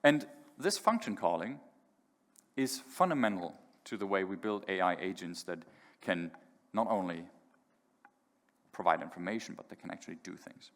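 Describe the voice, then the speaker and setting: Low-voiced man demoing on stage. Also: lively intonation, normal speed, pauses often. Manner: casual, many fillers and restarts. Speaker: conference speaker. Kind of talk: live tech demo talk. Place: large conference hall. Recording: echoey hall reverb.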